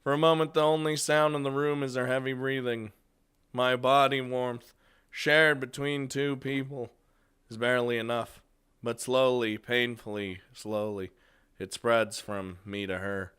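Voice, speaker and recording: A man reading a visual novel aloud as a let's play host, animated and often chuckling. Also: mid-range voice, a little slow, smooth.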